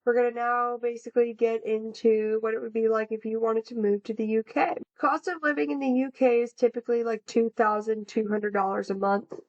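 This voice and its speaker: Young american woman, casual podcast co-host, slightly high voice, dull lo-fi recording. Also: fairly even intonation, a little fast, few pauses. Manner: chatty, reads facts with casual fillers. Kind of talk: casual podcast chat, reading researched facts. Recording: dull lo-fi sound.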